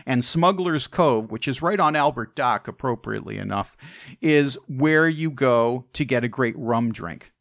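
A male podcast host who spins stories in an easygoing, conversational way, tossing in chatty asides as he goes. His voice sits at an ordinary middle pitch. It is recorded close on the mic with a dry, roomless sound. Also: fairly bright tone, no room sound. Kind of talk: casual storytelling narration.

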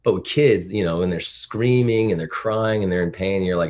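Through a muffled recording, a thirties-aged man guesting on a podcast, known as a dad influencer, talks with heartfelt emotion in relaxed interview conversation. His low-pitched voice is brisk and a little mellow, and he often starts his sentences over.

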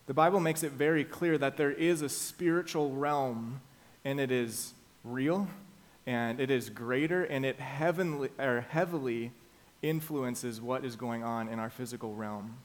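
In a medium-pitched voice, a male pastor delivers his morning sermon, guiding listeners through the passage point by point. He speaks emphatically, slowing down so key phrases land.

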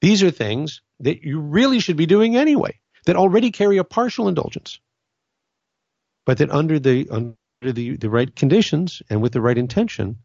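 Gravelly middle-aged man, earnest chat. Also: fairly high pitch, lively intonation, normal speed, a little mellow, no room sound, lo-fi sound. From Southern California. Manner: conversational, earnest, many restarts. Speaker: Catholic podcast host. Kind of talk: casual spiritual talk.

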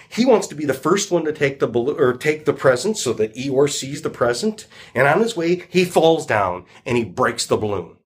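A man's voice: medium pitch, slightly rough. A man retelling a children's story and drawing a lesson from it, in a reflective, rambling way.

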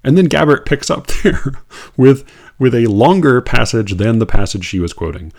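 A man's voice: medium pitch, normal speed, darkish tone. A man reading out a poetry review and mocking it in an incredulous, exasperated monologue, with laughing asides. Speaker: poetry critic.

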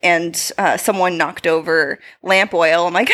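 A woman's voice: fairly low pitch, sing-song, slow pace, a bit bright. A woman performer in casual chat who talks enthusiastically and giggles often. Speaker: performer guest.

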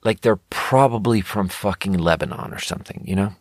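A man's voice: low voice, fairly quick, dry recording, clean studio sound. A man, hosting a podcast in a rambling, profane casual monologue. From Sweden. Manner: rambling, profane, self-correcting. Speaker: podcast host.

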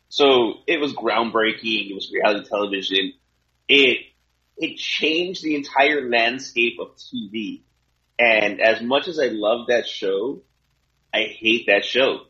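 A middle-aged man co-hosting a podcast in casual chat, swearing freely and getting excitable in his rants. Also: mid-range voice. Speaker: podcast co-host. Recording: dull, lo-fi sound.

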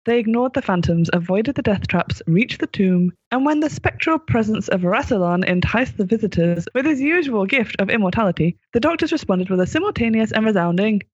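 A man narrating a comic fan story with a lively, swooping delivery and a slightly husky tone. The voice is dry and close, with the dull, lo-fi sound of a home recording. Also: high-pitched, brisk, hardly any pauses, dry recording. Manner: animated, giggling reading with put-on voices. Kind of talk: amateur comic fan-fiction reading.

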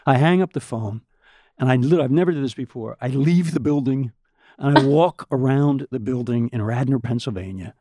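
An older man, a podcast guest, telling long anecdotes in a lively way, acting out the voices of people he quotes and often repeating words. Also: medium pitch, moderate pace, noisy background. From United States. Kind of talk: anecdotal storytelling.

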